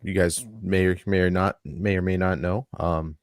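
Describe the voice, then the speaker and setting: A man's voice: low-pitched, flat delivery, moderate pace, no room sound, clean studio sound. A man hosting a live-stream talk show, reading a statement aloud in an earnest way and adding his own asides. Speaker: podcast host.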